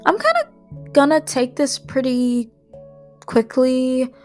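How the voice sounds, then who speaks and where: A woman's voice: high-pitched, sing-song, slow pace, faint music behind. A woman reviewing a video game in a casual, rambling way, full of fillers and restarts.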